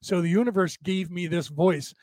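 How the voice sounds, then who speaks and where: This older, gray-haired podcast host speaks in a high, darkish voice with fairly even intonation at normal speed, with no room sound. His worn voice, which he says is damaged but penetrating, carries a long, rambling casual monologue full of restarted sentences, and he's tired after talking for hours.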